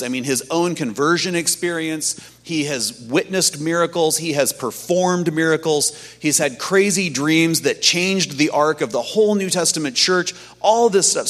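A man preaching a sermon in a conversational, animated storytelling manner, acting out quotes from the stories he tells. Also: fairly high pitch. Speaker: pastor. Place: church sanctuary. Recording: long hall reverb.

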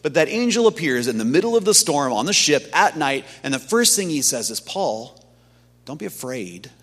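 A man preaching a sermon in a conversational, animated storytelling manner, acting out quotes from the stories he tells. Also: fairly high pitch, fairly quick. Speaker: pastor. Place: church sanctuary. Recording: long hall reverb.

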